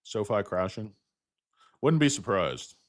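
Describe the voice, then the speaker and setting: A man hosting a stock market livestream, ranting bluntly and profanely while answering chat, with loud outbursts and low muttered asides. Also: big pitch swings, measured pace, no room sound, studio quality.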